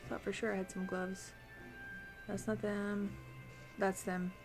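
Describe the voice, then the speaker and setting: A woman's voice: mid-range voice, level tone, a little slow, faint music behind. A woman streaming a video game, chatting casually and thinking aloud as she plays and answers her chat. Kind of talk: casual live-stream commentary while playing.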